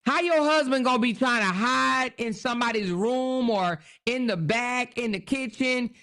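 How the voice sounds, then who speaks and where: A woman's voice: on the high side, moderate pace, fairly bright tone. A woman hosting her own show, giving casual commentary on a news story and often repeating herself as she checks in with viewers. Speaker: host.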